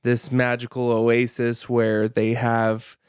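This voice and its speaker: Man co-host, relaxed joker, smooth voice, medium pitch. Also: no echo, studio quality. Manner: relaxed, joking, quick laugh. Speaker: podcast co-host. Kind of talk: casual chat.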